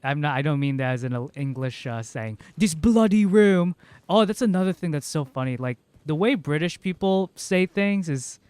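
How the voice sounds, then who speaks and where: Chatty young American man, smooth voice. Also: a little high, moderate pace, hardly any pauses, a little mellow, no room sound. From United States. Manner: rambling, chatty, laughs often, many fillers. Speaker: streamer. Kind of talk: casual livestream chat.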